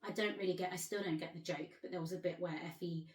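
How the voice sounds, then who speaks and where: A woman's voice: lowish voice, fast. Here is a woman from England chatting and laughing freely. She asks eager, curious questions in a casual tone. The room around her is echoey. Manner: giggly, curious, animated questions. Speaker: actress and host. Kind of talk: casual chat.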